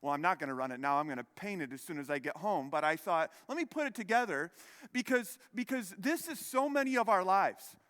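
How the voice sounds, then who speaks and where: The recording, made in a church sanctuary, carries long hall reverb. A man in his thirties, serving as pastor, preaches while spinning a rambling personal tale with frequent restarts and self-deprecating remarks, his high, slightly bright voice animated and a little fast.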